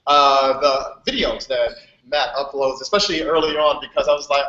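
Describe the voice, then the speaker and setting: A young man, a Playfair presenter, telling stories in a casual chat on a group video call, animated and laughing. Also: medium pitch, normal speed. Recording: echoey, dull video call audio.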